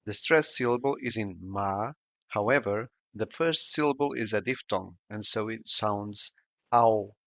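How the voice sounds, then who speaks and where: A man narrating a scripted pronunciation lesson, slowing down to model each example sound with care. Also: on the low side, gravelly, a bit bright, dry recording. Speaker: language tutor. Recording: dull, lo-fi and dry voice-over.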